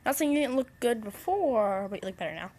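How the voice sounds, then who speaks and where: A woman's voice: on the high side, expressive, brisk, darkish tone. A young woman chatting casually in her daily vlog from her bedroom, rambling and cooing at her pets. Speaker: vlogger. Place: bedroom at home.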